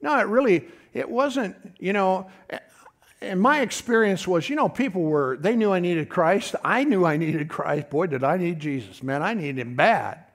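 Folksy high-voiced male preacher. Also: lively intonation, moderate pace. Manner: folksy, conversational, calls out to congregation. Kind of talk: sermon.

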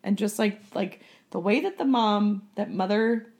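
A woman co-hosting a casual podcast, chatting in an animated way and saying "like" a lot. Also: medium pitch, normal speed. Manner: chatty, animated, says "like" often. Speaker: podcast co-host. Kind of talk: casual chat.

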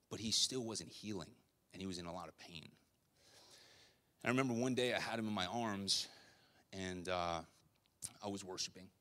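A young man preaching a sermon, telling a personal story in a conversational, animated way with quoted dialogue. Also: on the low side.

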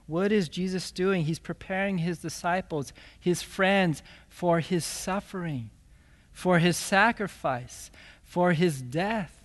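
A man's voice: sits high, slow pace. A man preaching a sermon as pastor, reading scripture and explaining it with emphatic, rhetorical "right?" asides. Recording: long hall reverb.

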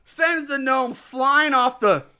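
Podcast co-host, male, high bright voice, yelling profane rant style. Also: slow pace, clear, resonant tone. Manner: loud, ranting, swears a lot. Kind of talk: profane casual movie recap.

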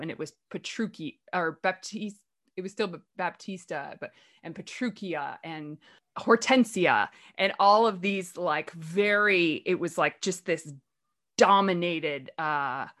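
A woman's voice: lowish voice, a little slow, fairly bright tone. A woman hosting a play-reading group, chatty and rambling with lots of fillers. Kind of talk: casual talk.

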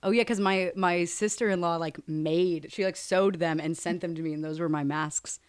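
A woman's voice: lowish voice, fairly even intonation, moderate pace, clear, resonant tone, no echo, studio quality. A young woman co-hosting a podcast in casual, giggly, rambling chat. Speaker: podcast co-host.

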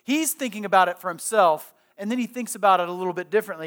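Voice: mid-range voice, quick pace, a bit bright. A pastor preaching a sermon in a conversational way, asking the listeners direct questions and often restarting and repeating phrases.

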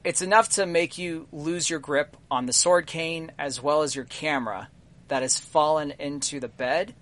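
A man narrating as game master of a tabletop game, measured and halting, with frequent ums. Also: fairly high pitch, a bit bright.

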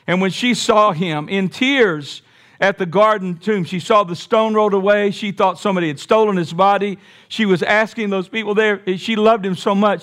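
Man preacher, fairly high voice, emphatic, folksy sermon with jokes. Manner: emphatic, folksy, with joking asides.

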